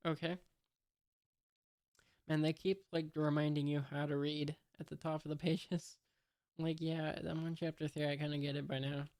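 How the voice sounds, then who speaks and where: A man reading a comic for the first time and commenting as he goes, halting and musing, with many fillers. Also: fairly high pitch, level tone, a little mellow, dry recording, studio quality. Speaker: comic reader.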